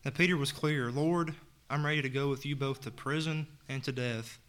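A man's voice: medium pitch, steady tone, normal speed, fairly bright tone. A man preaching a sermon in an earnest tone, reading scripture aloud and retelling it in plain words.

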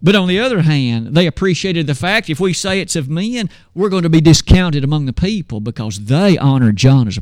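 A man's voice: on the high side, a little mellow, no echo, clean studio sound. A man preaching a sermon, posing rhetorical questions and swinging his voice up and down when he quotes scripture.

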